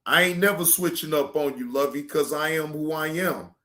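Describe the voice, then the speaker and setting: His voice sits on the high side at a normal speed as he hosts a reaction livestream. The talk is slangy and profane and repetitive, veering from loud hype to quiet side comments.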